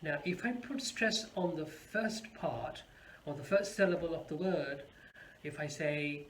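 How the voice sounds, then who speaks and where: A man gives a pronunciation lesson in a slightly higher voice, saying each word slowly and stressing it with care. He sounds like he is in an echoey room with a faint hum behind him. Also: fairly bright tone. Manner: explains slowly, repeats words with careful stress. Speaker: English teacher.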